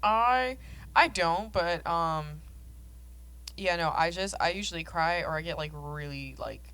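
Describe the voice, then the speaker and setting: Podcast co-host, woman, 20s, lowish voice, chatty, rambling, frank. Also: unhurried, a bit bright. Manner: rambling, lots of "like", candid and profane. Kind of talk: casual chat.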